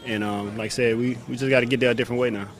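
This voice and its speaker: A man's voice: medium pitch, steady tone, rapid-fire, faint music behind. A man in his thirties, a pro football player giving laid-back interview answers and often saying "man" and "you know what I'm saying".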